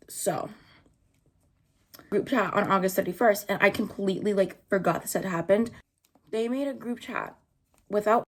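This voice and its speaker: A young woman talking through a story as she does her makeup. She is chatty and casual, swears freely, and slips into the voices of the people she quotes. Her voice sits at an ordinary middle pitch for a woman. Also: husky. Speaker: vlogger. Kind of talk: storytime chat while doing makeup.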